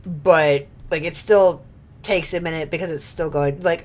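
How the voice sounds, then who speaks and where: A woman's voice: low-pitched, steady tone, a little slow. A woman streamer chatting casually over gameplay, rambling with many filler words and frequent laughs.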